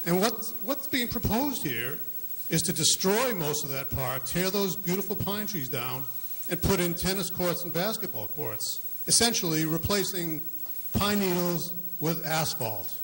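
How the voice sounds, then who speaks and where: A man's voice: high voice, expressive, a little slow, fairly bright tone. A man from Massachusetts speaking earnestly at a town meeting, often restarting his phrases. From Millis, Massachusetts. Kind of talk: public meeting speech. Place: large meeting hall. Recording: echoey hall, faint noise.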